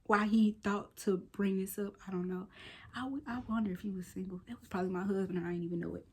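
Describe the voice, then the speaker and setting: A woman in her thirties chatting straight to her viewers in a relaxed daily vlog. She talks in an easy, slangy way, mixing lively storytelling with quiet, half-whispered side comments. Her voice sits at a medium pitch for a woman. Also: quick pace, slight background noise. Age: 30s. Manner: chatty and animated, with slangy asides and playful soft whispered quips. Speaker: lifestyle vlogger.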